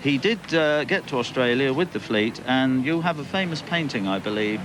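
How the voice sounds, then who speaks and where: A man interviewed on location explains an old letter in a measured, informative way. His voice sits in the middle range. Outdoor noise is clearly heard behind him. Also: mid-range voice, animated. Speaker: interview guest. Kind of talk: explaining and reading out a historic letter.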